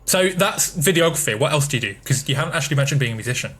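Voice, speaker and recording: A man's voice: on the high side, animated, rapid-fire, a bit bright, slightly rough. A man from the UK co-hosting a podcast, teasing his co-host and laughing often as he cuts in. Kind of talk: casual podcast chat.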